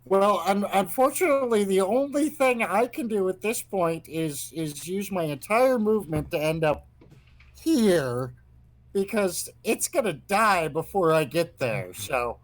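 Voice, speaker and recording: A man playing a tabletop game online, eager and unhurried, swearing casually as he plays his character. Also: high-pitched, lively intonation. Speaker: player.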